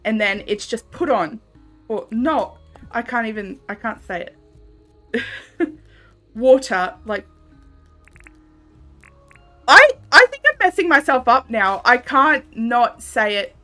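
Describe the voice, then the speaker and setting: A woman's voice: fairly high pitch, animated, takes it slowly, long pauses, sharp tone, faint music behind. A young Australian woman chatting casually with her viewers while gaming on a livestream, laughing often and reading out chat messages. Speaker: streamer.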